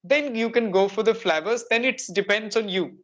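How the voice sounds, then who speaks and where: A woman's voice: a little high, moderate pace, dull audio. A woman with an Indian English accent coaching conversational English, explaining patiently with everyday examples. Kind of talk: conversational English practice chat.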